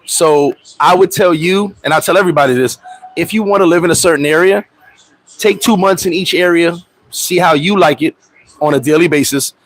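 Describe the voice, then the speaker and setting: Guy with a pretty high voice on a livestream, swearing a lot, getting loud telling stories, reading out chat. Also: brisk, low-quality recording. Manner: profane, animated storytelling, loud outbursts; reads and answers viewer comments. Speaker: livestream host.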